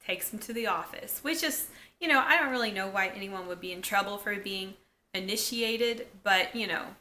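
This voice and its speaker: A woman recapping a TV episode in a casual vlog, chatty and full of fillers and excited asides. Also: mid-range voice, normal speed. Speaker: YouTube episode reviewer.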